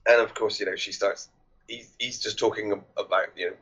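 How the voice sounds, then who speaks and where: A man's voice: lowish voice, fairly even intonation, fairly quick, fairly bright tone, highs cut off. A man in a casual film chat, animatedly retelling scenes and quoting lines.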